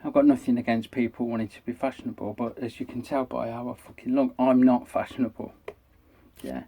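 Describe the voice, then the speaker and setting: A man's voice: mid-range voice, mellow, breathy edge. Chatty, foul-mouthed British man. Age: middle-aged. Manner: chatty, enthusiastic, swears freely. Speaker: vape reviewer. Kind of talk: casual product review vlog.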